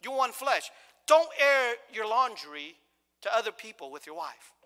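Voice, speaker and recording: Middle-aged male preacher, high bright voice, loose and joking, restarts often, heard in a reverberant church. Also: very animated, a little slow. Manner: conversational, jokey, with many restarts and acted-out quotes. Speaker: pastor. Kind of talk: sermon. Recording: long hall reverb.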